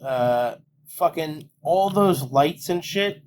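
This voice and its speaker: A man on a podcast, bluntly picking a movie apart with plenty of cursing. His voice sits a little high, and faint noise hums behind him. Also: expressive, slow, darkish tone. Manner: blunt, profane, opinionated. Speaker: podcast co-host. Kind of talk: casual movie review chat.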